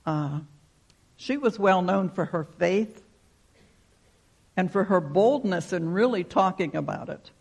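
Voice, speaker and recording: A man's voice: high-pitched, animated, slow pace, gravelly, pauses often. A man preaching a sermon, telling a folksy story and leading a prayer. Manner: folksy storytelling, acts out shouted quotes. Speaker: pastor.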